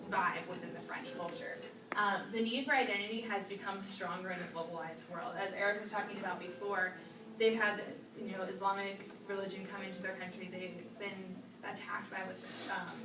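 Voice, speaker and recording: A young woman giving a casual class presentation, with many fillers. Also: medium pitch. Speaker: student presenter. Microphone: far camera. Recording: echoey room from far off, noisy.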